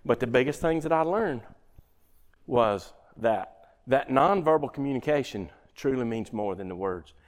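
A man's voice: mid-range voice, animated, normal speed. A middle-aged man giving a workplace talk on communication. He tells folksy stories and asks the audience questions. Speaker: workshop speaker. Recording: hall with long reverb.

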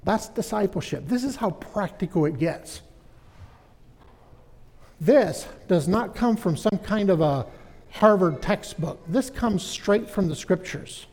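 A man's voice: sits high, lively intonation, slow pace, a little mellow, long reverb tail. A middle-aged man preaching a sermon, telling a personal story in an earnest way, often restarting his sentences.

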